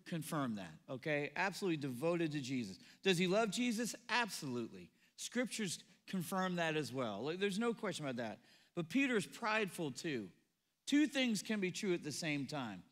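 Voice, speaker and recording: High lively guy preaching in a big echoey church, bright voice, acts out the characters. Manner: animated, acts out quoted voices. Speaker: pastor. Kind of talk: sermon. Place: church auditorium.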